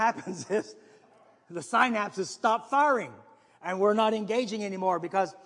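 A man's voice: fairly high pitch, fairly bright tone, long reverb tail. A man preaching a sermon in a conversational way, often repeating himself and restarting phrases. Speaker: pastor.

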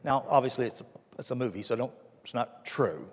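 A man's voice: mid-range voice, expressive, brisk, husky. A man preaching a sermon as pastor, folksy and emphatic, repeating his phrases for weight. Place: church hall. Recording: echoey hall reverb.

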